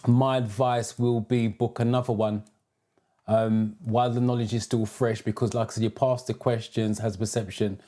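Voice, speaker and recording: This is a British man running a live driving theory Q&A. His voice sits at a middling pitch with a dark, mellow tone. He welcomes viewers one by one and answers their questions as he reads their messages out. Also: level tone, moderate pace. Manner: reads out viewer comments and greets them by name. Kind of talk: live-stream Q&A.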